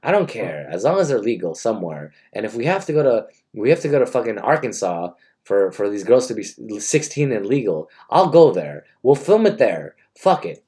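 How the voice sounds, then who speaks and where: A man's voice: on the low side, very animated, fairly quick, dark tone, breathy edge. A man talking in a crude, rambling monologue full of restarts.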